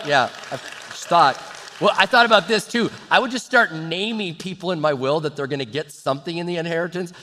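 A man preaching a sermon as a pastor, conversational and animated, with casual asides to the congregation. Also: on the high side, big-room sound, slight background noise.

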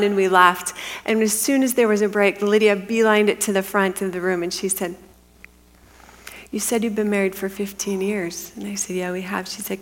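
A middle-aged woman giving a testimony as a sermon, telling her story earnestly and dropping into a hushed whisper for the quiet moments. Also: mid-range voice. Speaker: women's ministry speaker. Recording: long hall reverb.

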